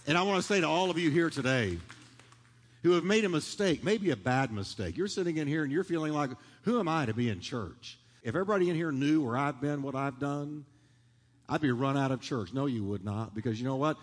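A man delivering a sermon in a church sanctuary, calling on the congregation to repeat lines back to him. His voice sits a little high for a man and swells with fervor, and a long reverb trails behind every phrase. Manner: preaching with rising fervor, leading the congregation in call-and-response. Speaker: pastor.

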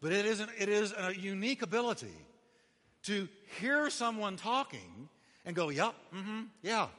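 A male pastor preaching a sermon, emphatic, his voice climbing to shouts at the high points. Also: sing-song, normal speed. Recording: long hall reverb.

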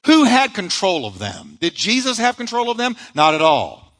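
A man's voice: high voice, huge pitch swings, moderate pace, fairly bright tone, in a large hall, poor audio. A male pastor preaching a sermon, emphatic, asking rhetorical questions and answering them himself.

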